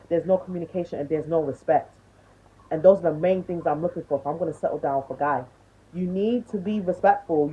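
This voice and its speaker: A woman's voice: lowish voice, slightly rough. A woman in her twenties ranting bluntly to camera, swearing and lecturing, on tinny phone-like audio. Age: 20s. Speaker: vlogger.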